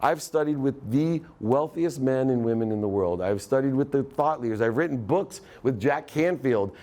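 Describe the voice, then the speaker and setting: A man's voice: mid-range voice, animated, moderate pace, warm tone. A middle-aged man giving a live motivational talk, storytelling and acting out the voices in his story. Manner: storytelling, acts out quoted dialogue. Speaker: motivational speaker.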